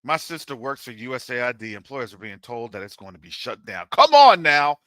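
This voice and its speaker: A man from Florida hosting his own channel, talking in a casual, animated commentary monologue with jokey asides and preacher-like calls. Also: mid-range voice, quick pace, no room sound. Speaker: channel host.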